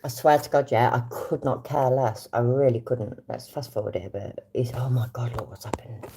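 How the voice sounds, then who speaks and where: A woman's voice: a bass voice, steady tone, moderate pace, mellow, slightly rough. An older British woman who hosts a live stream, chatting bluntly and swearing heavily as she reacts to videos. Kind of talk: casual live-stream chat.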